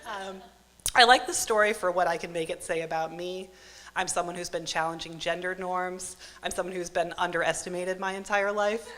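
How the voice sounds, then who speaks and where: Bright-voiced woman telling a story live. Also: fairly low pitch, moderate pace. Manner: wry, self-mocking, deadpan asides. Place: stage at a live event venue. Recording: live hall with long reverb.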